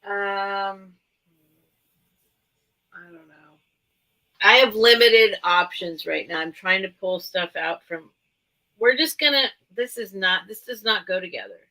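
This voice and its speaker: A woman hosting a live online sale, chatting excitably and teasing herself. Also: medium pitch, unhurried, poor audio. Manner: chatty, excitable, self-mocking. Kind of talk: casual live-sale chat.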